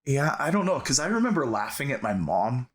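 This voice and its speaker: A man's voice: medium pitch, big pitch swings. A man co-hosting a podcast, chatting casually and laughing easily along with his partner. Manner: easygoing listener, quick to laugh. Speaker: podcast co-host. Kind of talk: casual chat. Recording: studio recording of modest quality.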